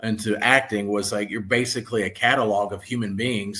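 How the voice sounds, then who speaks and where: Relaxed joking male podcast host. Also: lowish voice, fairly quick. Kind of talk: casual podcast chat.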